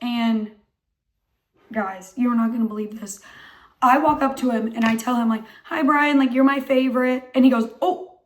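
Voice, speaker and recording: Hoarse young woman, high chatty voice. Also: normal speed. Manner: excited, chatty, heavy use of "like". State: hoarse, voice not fully recovered. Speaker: vlogger. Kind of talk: casual storytelling vlog.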